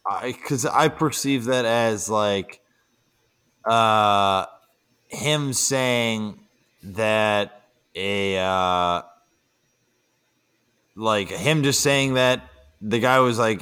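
A man co-hosting a casual podcast chat, telling stories in halting bursts full of fillers and restarts. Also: fairly low pitch, bright, forceful tone, clean tone. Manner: halting, filler-heavy storytelling.

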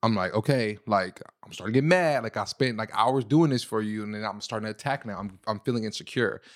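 A man co-hosting a casual relationship talk, telling stories in an animated way. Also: fast talker, dry recording, clean studio sound. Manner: animated storyteller, jumps into a high falsetto to tease. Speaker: podcast co-host.

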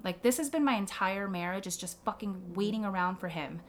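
A woman's voice: medium pitch, fairly even intonation, fairly quick, hardly any pauses, a little hiss or hum. A woman talking candidly in a casual conversation, swearing freely and filling her sentences with "like" as she tells a personal story. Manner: frank, swears freely, many "like" fillers.

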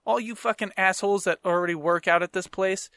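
A man's voice: high-pitched, fairly even intonation, fairly quick, a bit bright, no room sound, clean studio sound. A man hosting a podcast, telling stories in a casual, rambling way, swearing freely and laughing mid-sentence. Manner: profane rambling storyteller. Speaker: podcast host. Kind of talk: casual chat.

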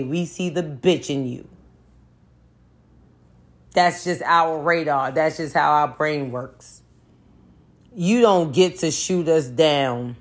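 A woman, talking straight to camera in a blunt, profane, emphatic rant. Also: deep voice. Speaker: commentator. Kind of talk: casual monologue rant.

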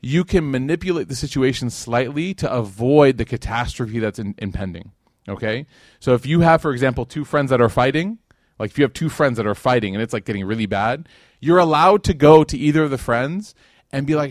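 Fast-talking man giving a casual lecture. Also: medium pitch, expressive, no echo, clean studio sound. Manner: conversational, acts out quotes, many "like" and "right?". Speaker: religious lecturer. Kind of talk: casual religious lecture with storytelling.

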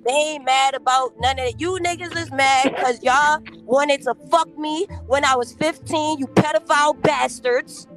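A woman's voice: high-pitched, steady tone, moderate pace, few pauses, fairly bright tone, faint music behind. A woman on a podcast, ranting in a brash, profane, confrontational way. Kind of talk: heated casual podcast talk.

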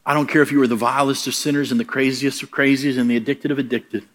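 Brief: middle-aged male preacher, mid pitch, lively storyteller who laughs through his sermon. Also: fast talker. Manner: animated, laughing, plain-spoken.

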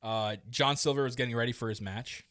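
A man co-hosting a casual podcast chat, excitable and rambling, with quick laughs and restarts. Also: medium pitch, dry recording, studio quality. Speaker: podcast co-host. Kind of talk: casual wrestling recap chat.

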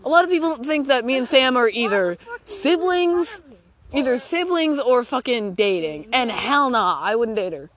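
A man's voice: extremely high pitch, lively intonation, moderate pace, a bit bright. A teenage boy hosting a casual podcast while walking outdoors on a trail, brash and teasing, swearing often. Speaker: podcast host. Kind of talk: casual chat.

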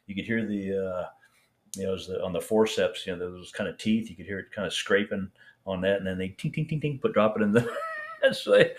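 Older guy with a low voice, rambling war story, lots of uh and restarts. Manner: rambling, halting, many restarts and fillers. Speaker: veteran guest. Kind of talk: casual storytelling interview.

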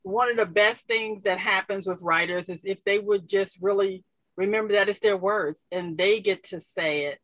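A woman's voice: medium pitch, moderate pace, fairly bright tone, no echo, rough recording. Encouraging woman guest, dry sound. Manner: encouraging, advice-giving. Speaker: guest author and coach. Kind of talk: casual chat.

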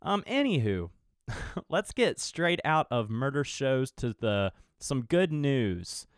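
A man's voice: mid-range voice, very animated, slow, no room sound, studio quality. A young man hosting his own podcast alone, rambling casually, swearing freely and chuckling now and then. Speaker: podcast host. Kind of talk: casual solo podcast chat.

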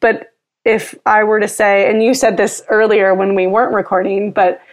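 A woman in a casual podcast conversation, speaking as a mother about raising her kids. Her voice sits at a middle pitch, and she thinks aloud, restarting her sentences as she goes. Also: little pitch movement, normal speed.

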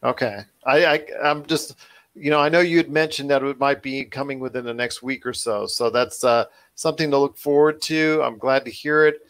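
A man at an ordinary pitch hosts a casual football talk show. He argues his points earnestly and circles back to repeat them, often trailing off mid-thought. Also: fairly even intonation, normal speed, fairly bright tone. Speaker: podcast host.

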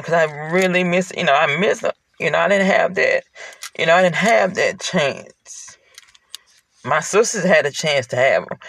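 A man's voice: on the high side, vocal fry, fairly bright tone. A man talking to his partner from inside a car, in a heartfelt, rambling personal monologue full of fillers. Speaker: parent speaking to a partner.

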